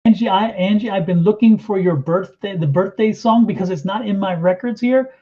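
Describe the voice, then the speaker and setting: A man co-hosting a live tarot stream, chatting casually in a halting way. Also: high voice, dull audio, soft background music. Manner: halting, with fillers and restarts. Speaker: tarot reader, co-host and author.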